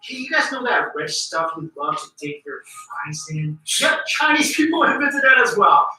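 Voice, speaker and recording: Brief: upbeat male explainer host, high bright voice, distant echoey playback. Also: normal speed. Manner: lively, joking, animated storytelling. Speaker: video presenter. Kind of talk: scripted explainer video. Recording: echoey video playback from afar.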